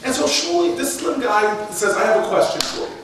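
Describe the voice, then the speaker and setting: A man telling a story on stage with animated delivery, acting out shouted quotes, from the United States. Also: very high voice, a little fast. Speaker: mayor and speaker. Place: large lecture hall. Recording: echoey hall from far off, noisy.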